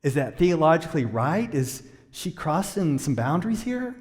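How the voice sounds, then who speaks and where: A male pastor delivering a sermon, building from quiet to loud emphasis and questioning the congregation. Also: fairly high pitch, very animated, normal speed. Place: church sanctuary. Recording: long church reverb.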